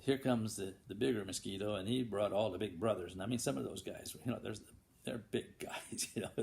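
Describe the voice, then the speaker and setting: A man's voice: on the low side, a little fast, creaky, darkish tone, slight background noise. A man telling a folksy tall tale, acting out buzzing and banging sound effects, with frequent restarts. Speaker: storyteller.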